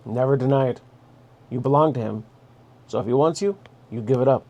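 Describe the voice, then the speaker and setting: Man, mid-pitched, blunt and direct, host of a casual advice monologue. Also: a little fast, dark tone, dull audio. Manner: blunt, direct, giving orders.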